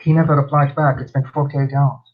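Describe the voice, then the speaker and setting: A man's voice: mid-range voice, little pitch movement, fairly quick, narrow, tinny audio. A man hosting a casual live stream chat, telling stories bluntly with many restarts. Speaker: host.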